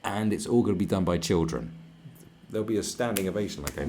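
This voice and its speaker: A man's voice: sits low, fast, noisy background. A young man hosting a livestream, ranting in a rambling, crude, mock-outraged way and slipping into mocking voices. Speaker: livestream host. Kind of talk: profane comedic rant on a livestream.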